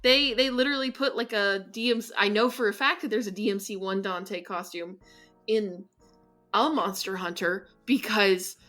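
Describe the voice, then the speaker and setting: Bright-voiced woman, animated podcast host. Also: medium pitch, moderate pace, faint music behind. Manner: animated, laughs often, ends points with "right?". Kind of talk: casual gaming chat.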